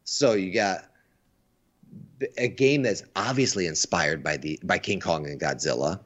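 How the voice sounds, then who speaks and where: A man's voice: deep voice, unhurried, a bit bright. A man chatting casually on a stream about movies and games, enthusiastic, often restarting his words. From United States. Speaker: stream co-host. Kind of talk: casual chat. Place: Asia. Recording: dull lo-fi sound.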